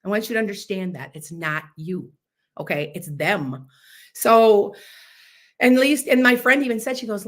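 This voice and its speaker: Boisterous woman, fifties, loud, casual podcast chat. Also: medium pitch, normal speed. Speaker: podcast host.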